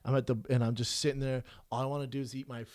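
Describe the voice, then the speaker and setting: A man's voice: medium pitch, level tone, racing, darkish tone, clean tone. A man co-hosting a podcast, chatting bluntly and casually with plenty of swearing. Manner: blunt, profane, laid-back banter. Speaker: podcast co-host. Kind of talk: casual chat.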